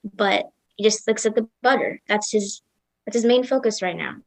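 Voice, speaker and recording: A young woman telling a devotional story at a satsang in a casual, lively way, acting out the characters' lines. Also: medium pitch, moderate pace, gravelly, no room sound, rough recording. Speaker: satsang speaker.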